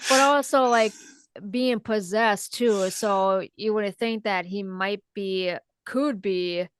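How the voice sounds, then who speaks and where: A woman's voice: medium pitch, slow, a little hiss or hum. A young woman co-hosting a podcast, chatting casually about a horror movie with plenty of filler words. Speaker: podcast co-host.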